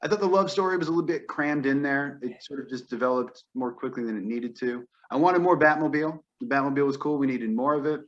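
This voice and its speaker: A man's voice: medium pitch, fast, few pauses, lo-fi sound. A man co-hosting a podcast, giving an opinionated, wryly complaining casual film review. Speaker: podcast co-host.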